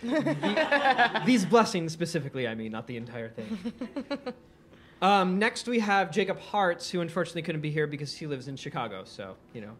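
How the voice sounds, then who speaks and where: A man's voice: fairly high pitch, sing-song, normal speed, a bit bright. A man hosting a live comedic podcast in a bar, often breaking into laughter. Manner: laughs often between remarks. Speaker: podcast host.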